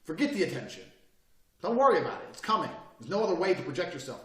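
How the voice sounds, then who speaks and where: Brash profane male course presenter, lively swinging delivery, echoey room, mic at a distance. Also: a little high, quick pace. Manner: brash, profane, emphatic, mocks hesitant speakers. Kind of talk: lecture on body language and speaking. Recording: roomy echo, mic at a distance.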